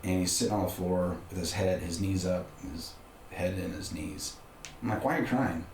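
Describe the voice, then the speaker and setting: Middle-aged man, very low voice, roomy sound, candid storyteller for an interview spot. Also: flat delivery, moderate pace, gravelly, a little mellow. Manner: candid, conversational, frequent restarts. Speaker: podcast guest. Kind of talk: casual personal storytelling. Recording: roomy room with faint background noise.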